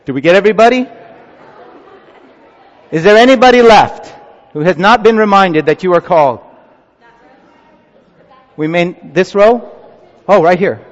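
Upbeat pastor in a reverberant church. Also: male voice, sits high, normal speed, long pauses, a faint crowd. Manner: coaxing, upbeat, leads a group activity. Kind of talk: children's sermon. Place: church sanctuary. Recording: muffled sound in a reverberant church.

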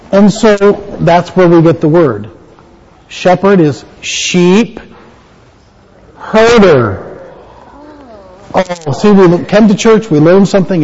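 A man's voice: high-pitched, a little mellow, highs cut off. A man pastor giving a playful children's sermon in a church, quizzing the kids with questions.

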